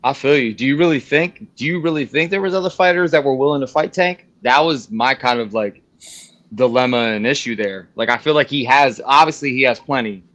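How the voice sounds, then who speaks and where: A man's voice: medium pitch, brisk, a bit bright, dull audio. A man co-hosting a boxing podcast in casual chat, agreeable and asking questions. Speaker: podcast co-host.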